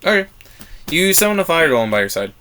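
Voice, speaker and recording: A man narrating a tabletop role-playing game as game master, animated and laughing at times. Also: a little high, fast talker, noisy background.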